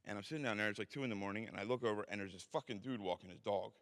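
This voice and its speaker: A man's voice: fairly low pitch, rapid-fire, a bit bright. A man telling a story from his own life in a blunt, profane, self-mocking way. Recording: reverberant hall.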